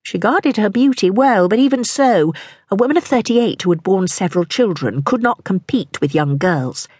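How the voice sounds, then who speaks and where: Female audiobook narrator, measured and even, mid pitch, dry close mic. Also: breathy edge, no room sound. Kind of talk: scripted narration of a historical novel.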